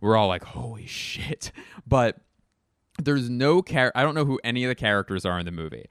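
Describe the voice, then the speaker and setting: A man's voice: medium pitch, animated, a little fast, smooth, no echo, studio quality. A young man hosting a podcast, talking casually in a rambling, profane way with lots of fillers. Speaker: podcast host. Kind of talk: casual chat.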